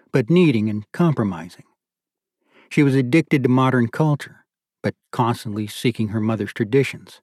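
A man reading an audiobook in the first person, measured and steady. His voice sits at a middle pitch and sounds dry and close, with no room around it. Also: dry recording. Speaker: audiobook narrator. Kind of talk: scripted audiobook narration.

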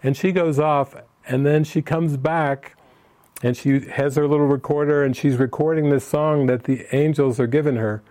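A man's voice: a little high, fairly even intonation, moderate pace, warm tone. An older man leading a spiritual retreat, reading out questions and telling stories in a storytelling manner. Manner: storytelling, answers questions read aloud. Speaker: spiritual teacher. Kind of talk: retreat talk.

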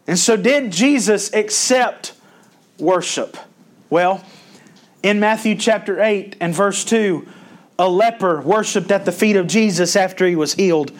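A male pastor preaching a sermon, folksy and storytelling, rising in emphasis when he quotes scripture. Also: sits high.

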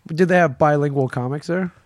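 A man's voice: a little high, a little fast, no echo, clean studio sound. A man co-hosting a podcast, asking questions and joking in casual chat. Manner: teasing, joking, asks lots of questions. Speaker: podcast co-host.

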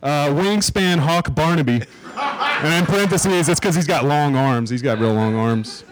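A man guesting on a live comedy podcast, reading joke wrestler names in a deadpan way. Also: a little high, unhurried, background noise. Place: live show in front of an audience.

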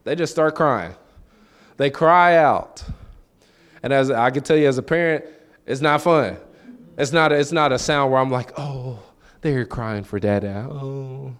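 A man's voice: fairly high pitch, measured pace, pauses often, fairly bright tone, clear, resonant tone. A man preaching a sermon in a loose, conversational way, asking the listeners questions and acting out quoted voices. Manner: conversational, repeats words and acts out quoted voices.

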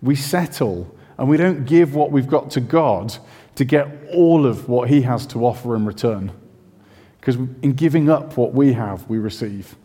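A man giving a sermon in a relaxed, conversational way, full of self-questions and chatty asides. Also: medium pitch, normal speed, slightly rough. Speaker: preacher. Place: church. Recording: reverberant church hall.

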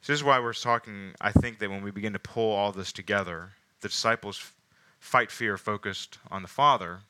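Male pastor preaching a sermon, very bright, forceful tone, chatty asides. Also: on the low side. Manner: emphatic, rising and falling with slowed stresses; casual asides amid scripture reading.

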